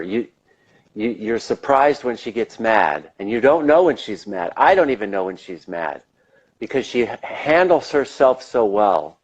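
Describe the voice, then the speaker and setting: Male guest from the United States, mid-pitched, loose and enthusiastic, muffled lo-fi sound. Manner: rambling, enthusiastic, casual swearing. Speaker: interview guest. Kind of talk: casual interview.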